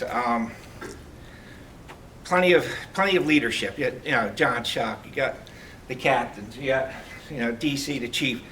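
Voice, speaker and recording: A middle-aged man giving a heartfelt farewell speech as a retiring police lieutenant, telling stories with halting restarts. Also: medium pitch, fairly bright tone. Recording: distant mic, faint background noise.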